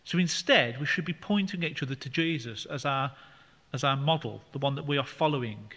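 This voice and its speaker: A man's voice: medium pitch, fairly quick, pushed and bright. A man leading a Bible study, explaining scripture in a conversational way with fillers. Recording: long hall reverb.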